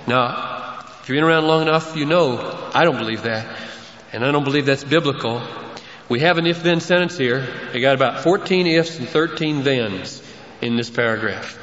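Emphatic preaching man in an echoey hall. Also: a bit bright. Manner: emphatic, rising in pitch and force on key points. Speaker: pastor. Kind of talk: sermon. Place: large church sanctuary. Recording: echoey hall, dull lo-fi sound.

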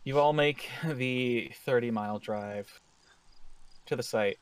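A man's voice: medium pitch, slow pace, clear, resonant tone, recorded from a distance. A man running a tabletop role-playing game as game master, narrating scenes in a casual, joking way and correcting himself as he goes.

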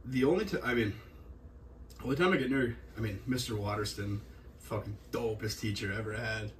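A man's voice: lowish voice, fairly quick. A man telling rambling, profane stories in a casual podcast chat. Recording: distant mic, faint background noise.

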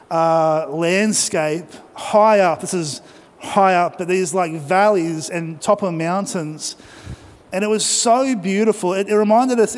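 An Australian man preaching, telling a personal travel story in a conversational way and speaking directly to the audience. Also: high voice. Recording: long reverb of a large hall.

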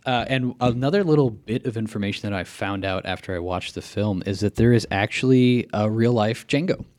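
Low, thoughtful podcast co-host man, dry sound. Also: fairly quick, darkish tone, no echo. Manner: thoughtful, hesitant, many fillers. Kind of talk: casual film discussion.

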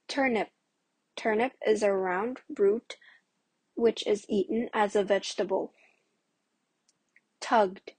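A woman reads vocabulary words and their definitions for a children's podcast, slowly and deliberately. Her voice is breathy and sounds dry, with no room echo. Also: medium pitch, steady tone, a little mellow. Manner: slow, careful reading. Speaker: podcast co-host. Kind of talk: reading word definitions.

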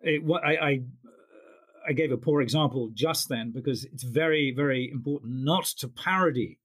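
A man's voice: mid-range voice, normal speed, fairly bright tone, slightly rough. A man who works as an audiobook narrator, talking thoughtfully in an interview with frequent restarts. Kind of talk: interview conversation.

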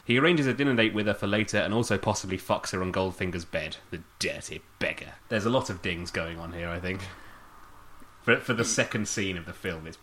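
A man's voice: low voice, brisk, fairly bright tone. A man hosting a podcast, recapping a film plot in a sweary, dry-humoured way. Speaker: podcast host. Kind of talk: casual film recap chat.

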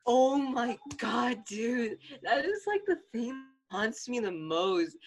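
Young woman, exasperated storyteller, very lively intonation. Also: a little high, slow pace, few pauses. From Filipino family. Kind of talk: casual chat.

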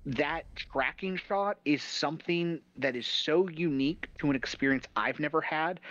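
A man's voice: on the high side, moderate pace, fairly bright tone, dry recording. A man co-hosting a podcast, telling stories animatedly in casual review chat and swearing freely. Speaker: podcast co-host. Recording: slightly dull, dry sound.

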